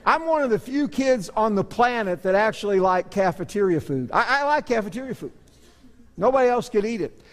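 A man's voice: high voice, animated, fairly quick. A middle-aged man, a pastor, preaching a sermon in a church sanctuary, telling stories in an earnest, self-deprecating way. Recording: long hall reverb.

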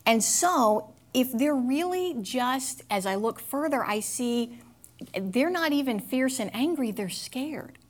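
A woman's voice: high-pitched, animated. Earnest woman speaking candidly. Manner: confessional, earnest, halting with fillers. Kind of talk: candid personal talk.

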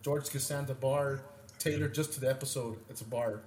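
A man co-hosting a podcast, telling stories in a rambling, profane and animated way. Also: medium pitch, moderate pace. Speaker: podcast co-host. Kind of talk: casual storytelling chat. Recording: echoey room with faint noise.

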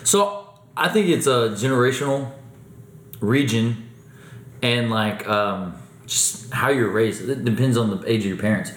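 A man co-hosting a casual chat, animated and quick to jump in. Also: medium pitch, reverberant.

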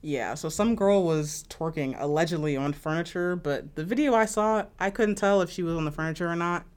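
A woman's voice: on the low side, fairly quick, smooth. Indignant young woman in casual chat. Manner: indignant, animated, swearing. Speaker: podcast co-host.

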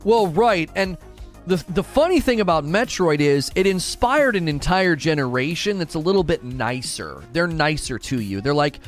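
Animated man chatting on a game stream. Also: high-pitched. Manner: animated, restarts often, reads chat aloud. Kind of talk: casual live-stream chat while gaming.

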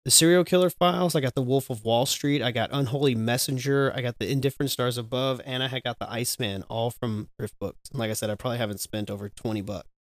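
A man's voice: mid-range voice, fairly even intonation, quick pace, hardly any pauses, no room sound, studio quality. A man co-hosting a podcast, chatting loosely with a friend, rambling, joking and swearing freely. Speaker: podcast co-host. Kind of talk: casual podcast chat.

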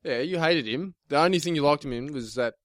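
A male podcast co-host with a slightly high voice who drops dry, crude, sardonic jokes in loose banter. The sound is close and dry. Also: fairly quick, a bit bright, no echo. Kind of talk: casual banter.

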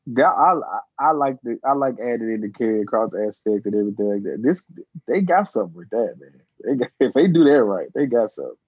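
A man with a husky voice chats about wrestling, his pitch swinging widely as he reacts. He laughs often and talks in an animated way. His dry, dull-sounding mic gives a lo-fi quality. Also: a little fast, no room sound. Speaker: podcast co-host. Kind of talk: casual wrestling chat.

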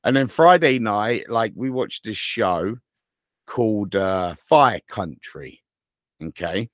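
A man's voice: on the low side, slow, no echo, clean studio sound. A man co-hosting a podcast, telling rambling, profane stories in casual chat. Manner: animated, rambling and profane storyteller. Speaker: podcast co-host.

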